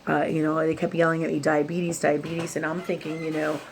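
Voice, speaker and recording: Low-voiced woman in a rambling late-night vlog. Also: completely flat delivery, quick pace, slight background noise. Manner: rambling, with laughs and self-talk quotes. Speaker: spiritual YouTube host.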